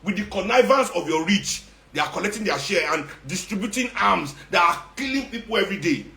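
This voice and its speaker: A man with a Nigerian accent and a fairly high voice, ranting at his listeners with sarcasm and hammering repetition. He drops into Nigerian Pidgin as he goes, and his voice rings around a roomy, echoey space. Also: lively intonation, a little fast, gravelly, bright, forceful tone. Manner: confrontational, sarcastic, repeats for emphasis. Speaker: activist speaking to followers. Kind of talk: impassioned monologue. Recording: roomy echo.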